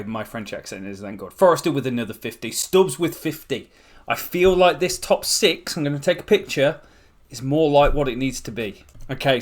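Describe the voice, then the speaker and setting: A man talks through a sports management game in a relaxed, conversational way, thinking aloud about his choices. His voice sits at an ordinary middle pitch and stays easygoing throughout. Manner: chatty, thinks aloud, upbeat. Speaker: gameplay commentator. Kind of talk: casual game commentary.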